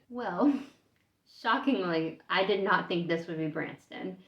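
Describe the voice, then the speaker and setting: A woman's voice: fairly low pitch, slow. Chatty woman vlogging in an echoey room. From United States. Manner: chatty, thinking aloud while tasting. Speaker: food vlogger. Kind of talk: casual taste-test vlog. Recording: echoey room, dull lo-fi sound.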